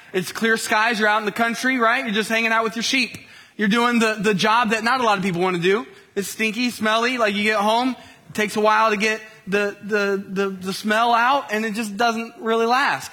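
A man's voice: high-pitched, pushed and bright. A young man preaching a casual, conversational sermon with many restarts and fillers. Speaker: pastor.

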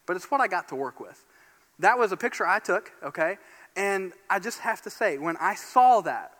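A man from Northeast Indiana preaching a sermon as pastor, telling a story in an animated, excitable way. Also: sits high, normal speed. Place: church sanctuary. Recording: long church hall reverb.

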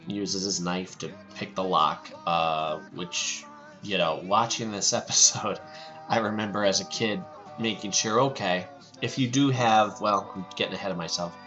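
A middle-aged man hosts a podcast, walking through scenes in a relaxed, chatty way with bursts of excitement. His lowish voice has a bright, forceful edge. The recording is dull and lo-fi, with faint music underneath. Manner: enthusiastic, repeats phrases like "love it". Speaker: podcast host. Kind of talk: casual episode recap.

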